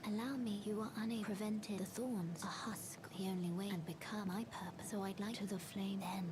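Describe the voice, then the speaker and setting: A man whispering as a gentle, mysterious maiden guide from a fantasy game, in whispered role-play. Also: high-pitched, fairly even intonation, fairly quick, background noise, voice pushed up, close to an everyday voice. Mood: hushed. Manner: hushed, breathy whisper.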